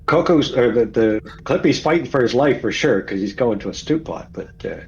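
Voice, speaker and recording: A man playing a tabletop game, talking in a dry, deadpan way. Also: medium pitch, moderate pace. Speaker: player. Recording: dull lo-fi mic with faint hiss.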